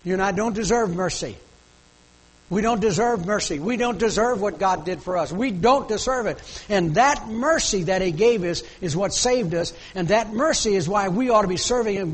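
Middle-aged male pastor, fervent sermon delivery, husky tone. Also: sits high, big-room sound, poor audio. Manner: fervent, pleading preaching.

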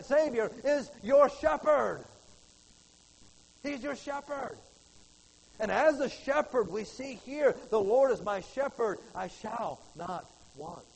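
A man preaching a folksy sermon to his church, swinging from loud to hushed. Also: high voice, a little hiss or hum, low-quality recording. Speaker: pastor.

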